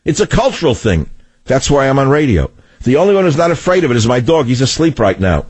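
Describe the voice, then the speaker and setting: A loud, combative man with a New York accent holds forth on a talk radio show, rambling from one grievance to the next. His voice is slightly husky and close on a dry studio mic. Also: mid-range voice, big pitch swings, fast talker, no echo.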